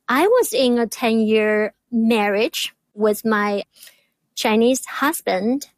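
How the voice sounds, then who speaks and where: A woman's voice: fairly high pitch, a little mellow, no echo. A woman in her thirties who stutters, a doctoral student speaking openly and reflectively as an interview guest. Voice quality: stutters, with repeated words. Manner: slow, reflective and open. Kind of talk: candid interview talk.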